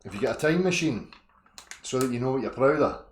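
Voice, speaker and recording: A man's voice: medium pitch, expressive, a little fast, echoey room, a little hiss or hum. A Scottish man hosting an online video hangout, ranting at a guest in a heated, profane argument full of insults. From Scotland.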